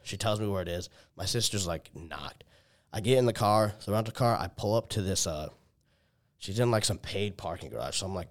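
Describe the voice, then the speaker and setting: A man's voice: sits low, animated, normal speed, a little mellow. A young man telling a long personal story in casual chat, loaded with "like" and swearing, often acting out what people said. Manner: heavy filler "like", swears, restarts, quoted dialogue.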